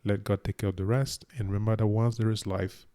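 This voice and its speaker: A man's voice: fairly low pitch, little pitch movement, brisk, dark tone. A man hosting a reaction channel, talking casually and earnestly straight to his viewers. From Cameroon. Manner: chatty, earnest, addresses viewers directly.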